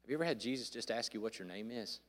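A man preaching a sermon in a church, swinging between loud emphasis and hushed, intimate lines. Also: fairly low pitch, lively intonation, very fast. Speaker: pastor. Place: church sanctuary. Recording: long hall reverb.

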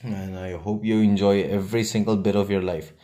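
A young man with a Nagaland accent, a native Nagamese speaker, hosting a solo podcast in a blunt, profane, defiant way with long pauses. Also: on the low side, steady tone, mellow. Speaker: podcast host.

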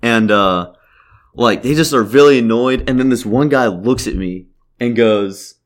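A young man spins a rambling anecdote in relaxed podcast chat. His voice sits at an ordinary pitch. He swears freely, leans on "like" constantly and keeps laughing through the story. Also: unhurried. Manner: rambling, profane, many "like" fillers. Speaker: podcast host telling a story.

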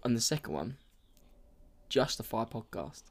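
A young man co-hosting a casual podcast, talking in slang and getting worked up as he pitches ideas. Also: unhurried, gravelly. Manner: excitable, gets worked up, slangy. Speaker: podcast co-host. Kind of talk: casual chat.

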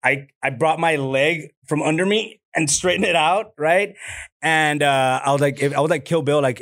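Animated storytelling man, slightly high voice. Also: normal speed, no room sound, clean studio sound. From Laredo, Texas. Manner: animated storyteller, swears freely, acts out voices. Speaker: podcast guest, comedian. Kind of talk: casual storytelling chat.

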